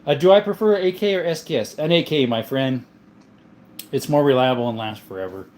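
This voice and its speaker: A man's voice: mid-range voice, a little fast, a little mellow, a little hiss or hum. Friendly man chatting on a livestream. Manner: friendly, answers viewer questions about his gun collection; often says "my friend" and "mate". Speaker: livestream host reading chat. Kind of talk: casual livestream chat.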